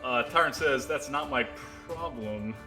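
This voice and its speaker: A man's voice: medium pitch, measured pace, over music. A man co-hosting a casual live stream, calling out challenges and reading chat messages. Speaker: co-host.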